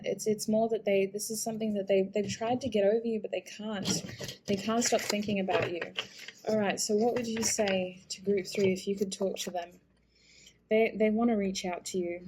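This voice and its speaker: A woman reads tarot cards for her viewers in a soft, earnest voice. She talks at a middling pitch for a woman. She hesitates and restarts often, with small sighs between thoughts, and sounds emotionally invested in what she passes on. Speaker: tarot reader. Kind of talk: intuitive tarot reading.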